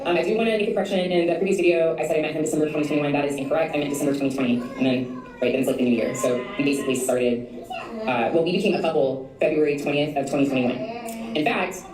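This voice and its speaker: A woman's voice: sits low, recorded from a distance. A woman telling her own story in a casual vlog, rambling and hesitant with many ums. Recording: echoey room, away from the mic.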